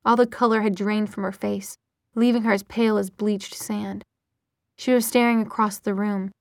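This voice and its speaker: A woman narrating an audiobook in a steady, expressive reading voice. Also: on the high side, vocal fry, dry recording, studio quality.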